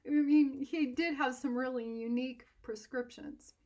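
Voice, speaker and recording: A woman telling a personal story in an animated, self-deprecating way, laughing often. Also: sits high, a little slow. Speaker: art instructor.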